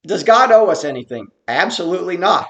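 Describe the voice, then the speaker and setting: A man teaching a Bible study in an earnest, explanatory way, reading verses slowly and then commenting on them. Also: high voice, big pitch swings, a bit bright. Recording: roomy echo.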